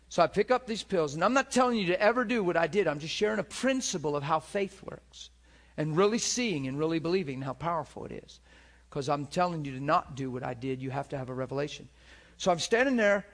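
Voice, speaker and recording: Animated man preaching a story sermon. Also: fairly high pitch. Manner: animated, acts out voices and cries out.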